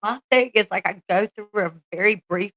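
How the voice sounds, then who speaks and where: A woman's voice: mid-range voice, brisk, a bit bright, dry recording, highs cut off. A woman chatting casually on a livestream, laughing often and swearing freely as she talks to her viewers.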